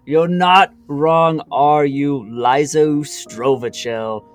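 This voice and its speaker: A genial, down-to-earth king, put on by a man talks in a proper mid-Atlantic accent. He sounds warmly teasing and welcoming. Faint music runs behind him. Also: fairly high pitch, steady tone, very slow, no room sound. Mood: amused. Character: humble, jovial male king.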